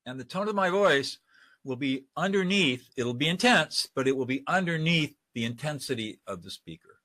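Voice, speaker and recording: Bright-voiced man teaching a webinar. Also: a little high, animated, moderate pace, dry recording. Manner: conversational, demonstrates lines by acting them out. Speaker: de-escalation trainer. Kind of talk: webinar lecture.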